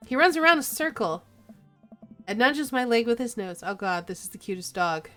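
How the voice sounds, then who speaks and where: A woman's voice: fairly high pitch, animated, normal speed, a bit bright, soft background music. A woman streamer playfully reading a dating game aloud and chatting with viewers.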